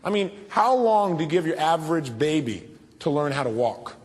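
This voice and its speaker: A man's voice: a little high, normal speed, long reverb tail. A man leading a motivational seminar, asking the audience questions and calling for a show of hands. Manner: asks the audience questions, animated. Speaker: motivational speaker. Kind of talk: seminar talk to a live audience.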